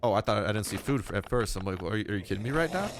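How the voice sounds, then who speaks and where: A man's voice: fairly low pitch, lively intonation, rapid-fire, slight background noise. A young man in his twenties, sick, giving chatty, slangy, joking commentary over his gameplay. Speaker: gaming YouTuber.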